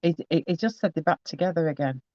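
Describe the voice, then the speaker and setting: A man gives a psychic reading in a fairly high, chatty voice. He often trips and restarts mid-phrase as he relays messages. The recording is dry and slightly muffled. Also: fast, a little mellow, no echo. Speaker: psychic medium. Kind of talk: live spirit reading to a sitter.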